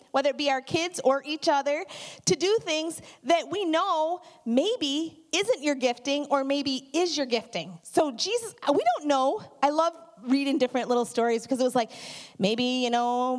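A middle-aged woman with a slightly high voice gives a relaxed, conversational sermon. She tells stories in an animated way and breaks off into frequent asides. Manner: chatty, animated storytelling with many asides. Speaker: church speaker.

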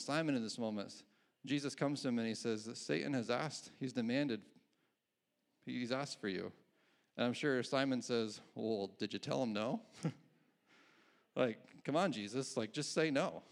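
Gravelly-voiced man preaching a sermon. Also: medium pitch. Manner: conversational preaching with restarts and chuckles. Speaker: pastor.

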